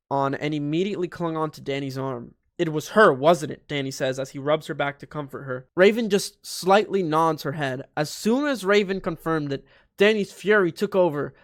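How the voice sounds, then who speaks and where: Reading a fan story out loud, a young male YouTuber keeps interrupting himself with sarcastic jokes and mock-dramatic voices. His fairly high, slightly bright voice comes through clean studio audio with no room sound.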